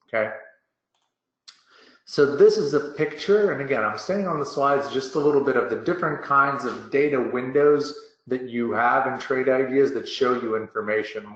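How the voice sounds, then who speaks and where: A man presenting a software product demo in a webinar, upbeat and casual with a salesy confidence. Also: medium pitch. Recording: dull, roomy online webinar audio.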